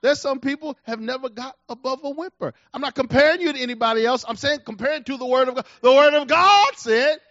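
A man preaching a sermon, swinging between loud shouts and hushed, intimate lines. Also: very high voice, fast, hardly any pauses, no echo, dull audio. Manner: animated, swings from shouts to near-whispers.

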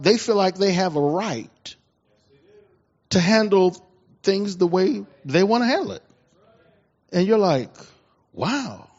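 A middle-aged male pastor preaches with a high, swooping voice that climbs and drops all through his sentences. He talks to the congregation conversationally and acts out the voices in his stories. The recording sounds dull and lo-fi. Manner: lively, conversational preaching with dramatic quoted voices. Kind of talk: sermon.

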